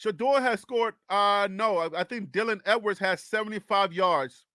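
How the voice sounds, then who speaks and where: A young man from Liberia hosts a casual sports talk stream, his voice high and sharp with a dry, close sound. He argues his case with animated energy, laughing often as he challenges listeners to debate him. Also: normal speed, dry recording. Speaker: sports talk show host.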